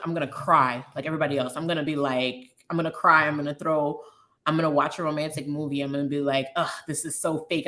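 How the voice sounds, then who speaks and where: A woman in her thirties, from a Liberian American background, speaks in a low, grounded voice. She is a guest sharing her own story openly and candidly. She slips into quoted dialogue as she retells scenes. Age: 30s. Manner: open, frank, animated retelling with quoted dialogue.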